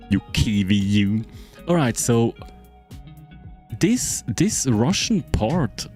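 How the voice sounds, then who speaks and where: Soft music plays behind a mid-range, slightly mellow male voice that's sing-song and extremely slow, with long pauses. He's a German game streamer, German-accented and a native speaker, loosely walking friends through a map with plenty of fillers, curses, and "right?" checks.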